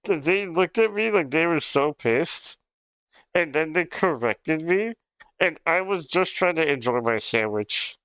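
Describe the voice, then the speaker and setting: A man's voice: on the high side, expressive, unhurried, fairly bright tone, clear, resonant tone, dry recording. A young man livestreaming in casual chat, rambling and swearing with frequent laughs. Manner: rambling, profane, laughs often.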